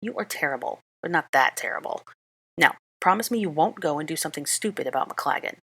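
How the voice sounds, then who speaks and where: A woman reading the part of a clever young witch, speaking briskly with exasperation in an audiobook-style fan reading. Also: sits low, animated, fairly bright tone, slightly rough, dry recording, exaggerated voice. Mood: exasperated.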